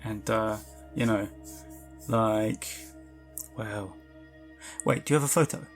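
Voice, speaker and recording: A man's voice: on the low side, slow pace, faint music behind. A man voicing a chatty male hotel clerk in a tabletop game, rambling with lots of fillers.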